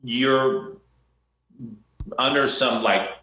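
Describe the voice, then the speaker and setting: A man tells a bounty hunting story in casual podcast chat, and his pitch climbs when he acts out what people said. The room around him echoes, and the recording sounds a little dull. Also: drawn-out words. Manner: animated, acts out quotes with rising pitch. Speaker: bounty hunter telling a story.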